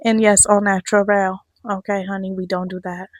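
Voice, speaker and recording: A young woman chatting casually to camera about her year, candid, swearing freely and laughing often, her voice going hoarse. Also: medium pitch, level tone, moderate pace, dry recording. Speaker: vlogger.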